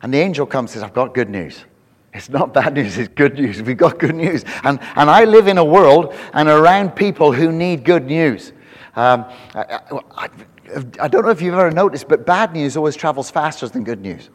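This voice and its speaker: A man preaching a sermon to a congregation, telling animated stories with frequent restarts. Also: fairly high pitch, normal speed. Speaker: pastor. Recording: long hall reverb.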